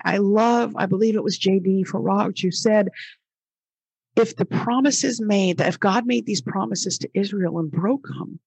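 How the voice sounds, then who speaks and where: Female podcast host, husky tone, dead-dry sound; reads passages aloud, then pushes back emphatically, repeating lines for stress. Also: mid-range voice, a little mellow, dry recording. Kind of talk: religious commentary podcast.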